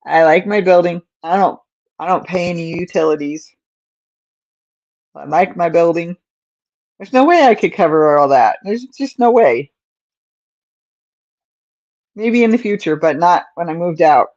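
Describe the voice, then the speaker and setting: A woman's voice: fairly low pitch, expressive, measured pace, long pauses, a little mellow. A woman hosting a casual crochet livestream, cooing in baby talk to her cat between rambling asides, on a slightly dull recording. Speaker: crochet channel host.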